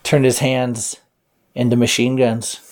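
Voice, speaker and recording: A man's voice: mid-range voice, completely flat delivery, measured pace. Man telling a playful story. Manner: playful, with sound effects. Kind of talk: improvised bedtime story.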